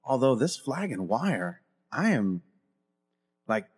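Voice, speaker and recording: A man hosting a casual coffee review show, chatting and teasing his co-host in a relaxed way. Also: medium pitch, slow pace, breathy edge. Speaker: podcast host. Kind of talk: casual chat.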